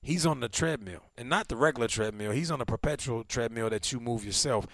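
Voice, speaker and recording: A man in his thirties, a former football player, co-hosting a casual chat and telling stories with lively, acted-out quotes. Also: brisk, no room sound, studio quality. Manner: animated storyteller, acts out quotes with big pitch swings. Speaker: podcast co-host, former NFL receiver.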